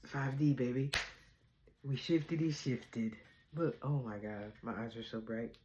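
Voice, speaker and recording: A woman hosting her own chat vlog from home, talking fast and bubbly about spiritual topics and laughing often. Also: very deep voice, dark tone, a little hiss or hum, low-quality recording. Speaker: vlog host. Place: home apartment.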